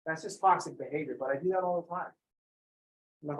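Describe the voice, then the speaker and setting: A man giving a math lecture, joking with sarcastic asides and acting out students in quick voices. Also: fairly high pitch, a little mellow, low-quality recording. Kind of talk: recorded classroom lecture.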